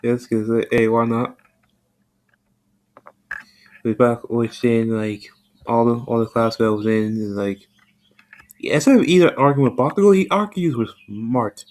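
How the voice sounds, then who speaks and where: A man's voice: medium pitch, measured pace, long pauses, darkish tone. A man casually retelling a fan story, rambling with lots of "like" and freely swearing.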